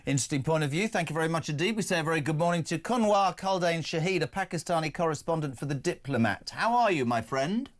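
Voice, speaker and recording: Bloke hosting breakfast radio phone-in, kinda high voice, chatty, jokey asides. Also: male voice, expressive. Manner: brisk, chatty, quick joking asides.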